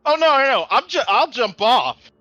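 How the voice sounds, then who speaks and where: A man playing in a tabletop game, excitable and jokey, describing his character's moves. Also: extremely high pitch, moderate pace, muffled recording. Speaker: player. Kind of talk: casual tabletop play.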